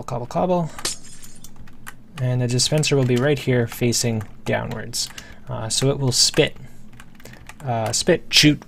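A man's voice: medium pitch, creaky. A man giving casual let's play commentary, thinking aloud as he builds and rambling with many fillers. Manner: casual, self-talking while building. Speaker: gameplay host.

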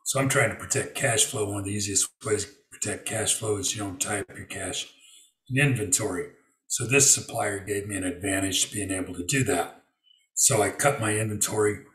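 A man telling a work story in a relaxed interview, using lots of fillers and acting out what people said. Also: on the low side, fairly quick, reverberant, recorded from a distance, rough recording. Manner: storytelling with many fillers and acted-out quotes. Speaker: guest. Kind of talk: conversational interview.

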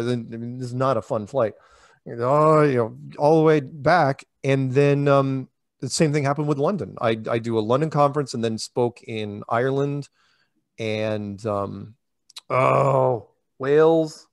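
A man telling stories in an interview, rambling and animated, often acting out conversations and losing his thread. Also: medium pitch, a little slow, no room sound, studio quality. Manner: animated, rambling, acts out quoted dialogue. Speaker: interviewee, flat earth public speaker. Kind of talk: casual storytelling interview.

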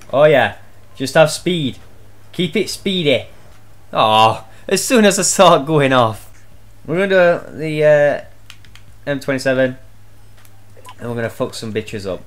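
A young man giving gameplay commentary, swearing often and breaking into exasperated outbursts. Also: medium pitch. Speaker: gaming channel host.

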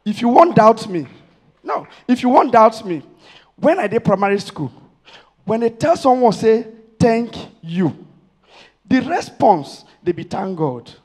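Animated Nigerian man doing stand-up. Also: very high-pitched, normal speed, husky. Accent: Nigerian Pidgin, Warri. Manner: animated, chatty, builds to loud punchlines. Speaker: stand-up comedian. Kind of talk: stand-up comedy in pidgin. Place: stage before a live audience.

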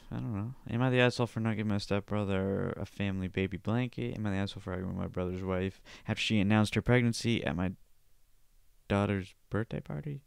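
Smooth-voiced man reading posts aloud. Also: on the low side, fast talker, dry recording. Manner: offhand, mumbling asides, sudden loud silly outbursts. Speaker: podcast host. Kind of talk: casual solo podcast, reading posts aloud.

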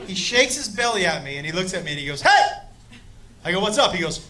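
A man telling a profane story in a stand-up set, shouting his punchlines. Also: sits high, sing-song, fast talker, a little hiss or hum. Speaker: stand-up comedian. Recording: live club with loud crowd laughter.

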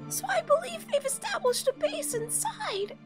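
A woman voicing a timid, earnest young boy soldier in a high, childlike voice, reading game dialogue aloud. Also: very animated, normal speed. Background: faint game music.

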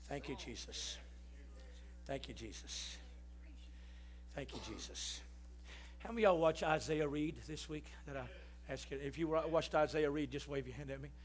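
A man preaching a sermon, telling stories and rising to shouts as he calls the congregation to respond. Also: fairly high pitch. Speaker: pastor. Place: church.

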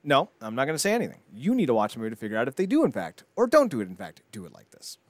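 Male podcast co-host, mid-pitched, dry close mic, animated rambling storyteller who stumbles over words. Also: racing, dry recording. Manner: animated storyteller, mocking voices for quoted characters, frequent repeated words. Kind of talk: casual podcast chat.

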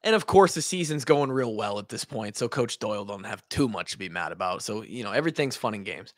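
A young man from Iowa, a former player co-hosting a podcast, tells a story in a lively, swearing, casual way and acts out the quotes. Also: fairly low pitch, brisk, no room sound, clean studio sound.

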